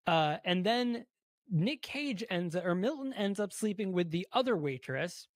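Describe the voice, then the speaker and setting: Podcast co-host, mid-pitched, animated scene-by-scene retelling, dry close mic. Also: unhurried, no room sound. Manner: animated retelling of scenes, swears, acts out quotes. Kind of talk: casual movie review chat.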